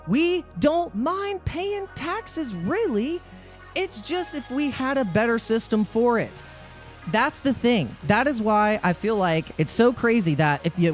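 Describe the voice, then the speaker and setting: A man hosting a crypto live stream, talking in an excitable, rambling rant full of restarts. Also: high voice.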